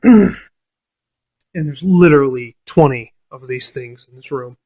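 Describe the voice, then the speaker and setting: A man's voice: a little high, animated, takes it slowly, a little mellow, no echo. Rambling, profane man telling a story. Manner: rambling, profane, many fillers and restarts; quotes the game master in a mocking voice. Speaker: storyteller recounting a tabletop game. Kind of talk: casual anecdote.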